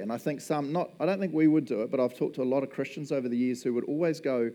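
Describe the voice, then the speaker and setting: A man's voice: medium pitch, fast, hardly any pauses, warm tone. A man preaching a casual, conversational sermon, joking, laughing often and acting out little quoted voices. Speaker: pastor.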